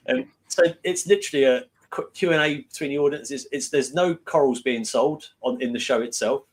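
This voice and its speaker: A man's voice: mid-range voice, normal speed, few pauses. A British man, a guest on an online panel, chatting in a rambling, hesitant way. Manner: rambling, hesitant, lots of restarts. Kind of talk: casual panel chat.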